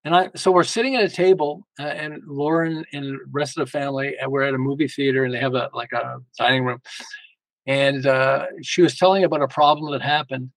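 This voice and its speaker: An older man, a guest on a podcast, speaks at a medium pitch and a slightly quick pace, telling casual family stories in an interview setting. He is animated, acting out bits of family dialogue and chuckling often. The recording is rough, with no echo.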